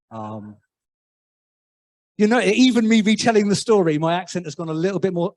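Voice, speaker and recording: An English man gives a relaxed, conversational sermon in a church, with a slightly raised pitch. He tells stories with self-deprecating humor and stumbles through restarts before landing his point. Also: brisk. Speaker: preacher.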